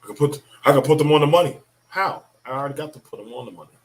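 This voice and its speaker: A man's voice: fairly high pitch, rapid-fire. A middle-aged man giving a blunt, profane, preachy opinion monologue about parenting. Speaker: commentator on parenting.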